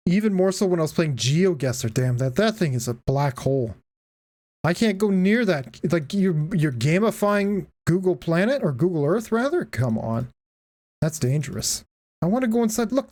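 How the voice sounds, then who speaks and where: A woman's voice: low voice, dark tone. A woman streaming a game, giving casual, profane, joking commentary and laughing often.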